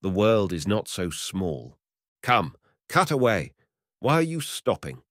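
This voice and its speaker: A man voicing a stingy older customer who talks in a brisk, dismissive, matter-of-fact way. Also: fairly low pitch, very animated, a bit bright, no room sound, studio quality, pitched above the performer's own voice, heavily acted. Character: older man, smug miserly customer, blunt.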